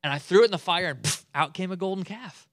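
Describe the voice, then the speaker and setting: A pastor voicing a soft-spoken, whiny priest who makes childlike excuses. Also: male voice, high-pitched, fast talker, no echo, studio quality, voice pushed up. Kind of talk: sermon storytelling.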